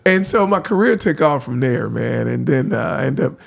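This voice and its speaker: Gravelly, animated storyteller man. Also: medium pitch, moderate pace. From San Francisco. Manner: lively, acts out voices in anecdotes, laughs often. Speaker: radio host guest.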